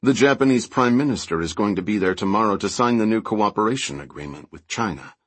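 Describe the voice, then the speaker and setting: A man's voice: on the low side, lively intonation, quick pace, husky, no room sound. A man voicing a wry, quipping sidekick. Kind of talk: audiobook character voice.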